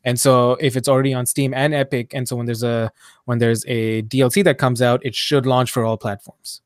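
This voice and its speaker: A man co-hosts a casual gaming podcast, thinking out loud in a rambling way and filling gaps with ums. His voice sits at an ordinary middle pitch. The sound is dry and close, with no room around it. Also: little pitch movement, fairly quick, no room sound. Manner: rambling, hedging with many ums. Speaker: podcast co-host.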